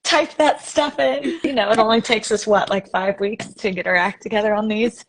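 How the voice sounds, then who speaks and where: A young woman hosts a casual live stream over a video call. She is bubbly and chatty, laughing easily between points, and her voice sits at an ordinary middle pitch. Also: fairly even intonation, brisk. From Indiana.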